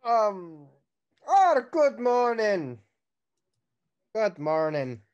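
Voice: mid-range voice, very animated, no echo, muffled recording, voice pushed up. A game master voicing a polite, flustered male smith who stammers through his questions. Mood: cheery. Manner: stammering, halting and fussy. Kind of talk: tabletop role-play character voice.

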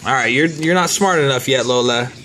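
A young man chatting casually in a home vlog, joking and talking to his pets in a high excited voice. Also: fairly quick. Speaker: vlogger.

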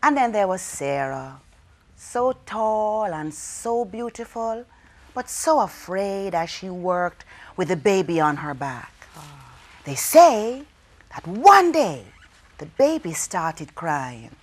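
A woman telling a folk tale to children, dramatic, with call-and-response and hushed whispers. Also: mid-range voice, very animated, slow. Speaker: storyteller. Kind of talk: storytelling for children.

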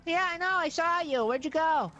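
A woman with a high, bright voice plays her character in an online game roleplay. Her delivery is sarcastic and teasing, and she swears cheerfully. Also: normal speed, lo-fi sound, soft background music. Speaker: roleplay player.

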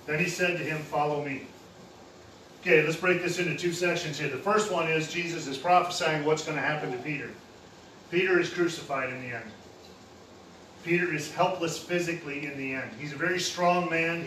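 A man's voice: fairly high pitch, sharp tone. A man preaching a sermon in a plain-spoken, casual way, using everyday slang. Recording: roomy echo, heard from a distance with faint noise.

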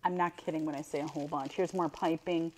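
A woman's voice: low-pitched, fairly even intonation, fast, background noise. An older woman running a casual unboxing chat for her viewers, chatty and exclaiming over each item as she pulls it out. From Buffalo, New York. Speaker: reseller unboxing mystery boxes.

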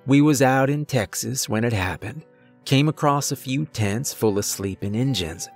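A man voicing a gruff, weary outlaw from the Old West who talks in a rough frontier drawl, blunt and bitter, in a horror storybook reading. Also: medium pitch, normal speed, faint music behind, lightly acted.

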